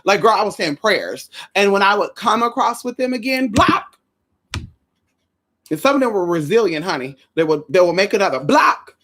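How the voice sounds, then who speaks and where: A woman hosting a casual livestream, sassy and animated, calling her viewers honey and girl while greeting them. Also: moderate pace, a little hiss or hum. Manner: swoops high for greetings and drops low for asides.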